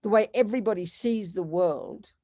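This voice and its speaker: A woman's voice: medium pitch, moderate pace, dark tone, dry recording, clean studio sound. An older woman giving an earnest, emphatic Buddhist teaching, repeating phrases for stress. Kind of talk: dharma talk.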